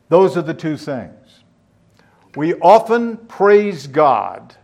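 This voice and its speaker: A man's voice: on the high side, sing-song, extremely slow, vocal fry, darkish tone. A man preaching a sermon, teaching verse by verse and putting questions to his listeners. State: out of breath.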